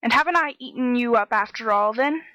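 A woman voicing a greedy, roaring male troll in a storybook reading, raised and loud. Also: fairly quick, dry recording, poor audio. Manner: loud, booming exclamations.

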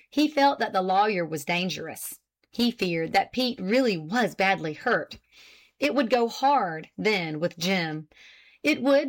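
Woman narrator with a medium voice, steady, measured audiobook reading. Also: medium pitch.

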